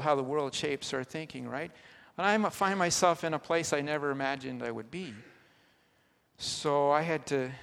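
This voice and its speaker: A man in his sixties shares an earnest testimony from a church pulpit, his voice sitting a bit high for a man. He talks plainly and conversationally, restarting his sentences often. The sound rings with a long hall reverb. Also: a bit bright. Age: 60s. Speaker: guest speaker, ordained minister. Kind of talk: personal testimony sermon. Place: church sanctuary.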